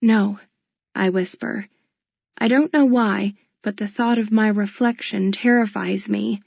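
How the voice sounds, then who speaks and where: A woman narrating a novel in the first person, in a quiet, measured, introspective way. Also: medium pitch, vocal fry, no echo, highs cut off. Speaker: audiobook narrator.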